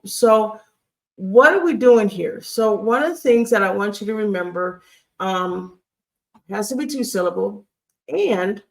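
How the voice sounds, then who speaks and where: Slow, gravelly woman teaching from slides. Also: mid-range voice, distant mic. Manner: patient, repeats key points, many fillers and checks like "okay?". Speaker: Hebrew teacher. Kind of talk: recorded video lecture over slides. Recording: voice set back from the mic.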